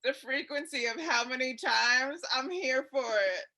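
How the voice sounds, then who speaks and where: A woman's voice: high-pitched, a little slow, bright, forceful tone. A woman co-hosting a casual comedy podcast, laughing easily and making dry asides. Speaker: podcast co-host. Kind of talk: casual chat.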